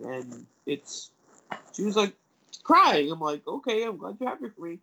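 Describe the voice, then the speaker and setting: A woman telling a long personal story in casual chat, hesitant and full of fillers and restarts, jumping up in pitch when she acts out what others said. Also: animated, a little slow, a bit bright, low-quality recording. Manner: acts out quoted voices with big pitch jumps.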